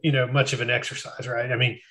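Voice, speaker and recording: A man's voice: medium pitch, little pitch movement, fast talker, crowd noise. A man co-hosting a casual podcast, rambling with lots of fillers and joking with the others. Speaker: podcast co-host. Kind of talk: casual chat.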